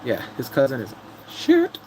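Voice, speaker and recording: Young male vlogger, mid-pitched voice that swings up and down a lot; blunt, animated drama recap. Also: a little slow, slight background noise. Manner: animated storytelling, blunt casual swearing.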